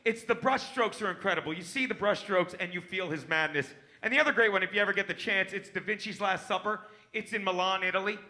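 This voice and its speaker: Brief: brash male stand-up, very high and very bright voice, punchy crowd-baiting delivery. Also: quick pace, few pauses. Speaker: stand-up comedian. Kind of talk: stand-up comedy. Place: comedy club stage.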